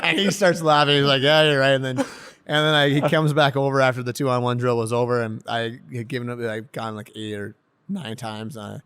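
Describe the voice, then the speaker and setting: An excitable man who laughs his way through his stories on a podcast, his voice climbing whenever he gets going. The tone is smooth and resonant, with a relaxed, chatty flow. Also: medium pitch, a little fast. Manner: animated storyteller who laughs often and gets loud when excited. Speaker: pro hockey defenseman guest. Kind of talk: casual podcast interview.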